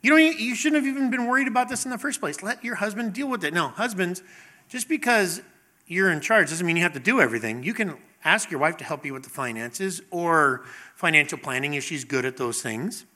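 Middle-aged pastor, high-pitched and bright, casual chatty sermon with little acted-out bits. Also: male voice, lively intonation, brisk. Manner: conversational preaching, asks the congregation questions, acts out voices.

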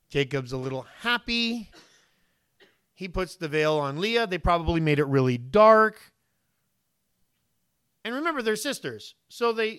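A man preaches with a high, bright voice. He asks his listeners questions and slips into the voices of the people in the story. The sound is close and dry, with no room around it. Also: clean tone, dry recording. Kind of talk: sermon.

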